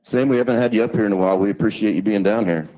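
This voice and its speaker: A man's voice: fairly low pitch, rapid-fire, warm tone, rough recording. A man hosting a live company safety meeting, introducing speakers in a friendly, conversational way. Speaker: meeting host.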